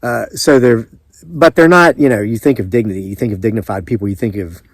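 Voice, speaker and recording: This man speaks fairly quickly in a lowish voice, with no echo on the recording. He's a homesteading vlogger from the American South whose Southern accent carries a casual, rambling storytelling style for the camera, full of restarts and side comments.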